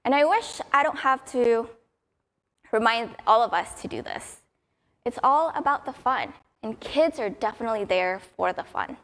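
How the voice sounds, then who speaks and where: A woman's voice: fairly high pitch, expressive, moderate pace, fairly bright tone. Upbeat woman giving a conference talk. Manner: upbeat, storytelling. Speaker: conference speaker.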